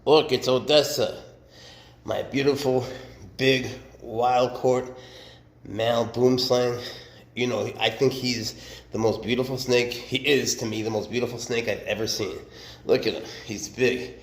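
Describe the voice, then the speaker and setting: A man chatting casually while he handles his snakes, cooing at them and often dropping to a hushed murmur. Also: mid-range voice, steady tone, unhurried. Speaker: snake keeper vlogger.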